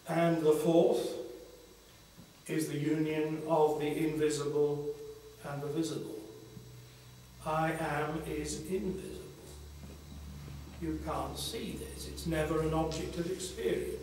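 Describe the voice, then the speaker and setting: An older man giving a slow, reflective spiritual talk at a conference panel, pausing often between phrases. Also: on the high side, flat delivery, darkish tone, a little hiss or hum. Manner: slow, reflective, with long pauses. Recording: echoey hall from far off.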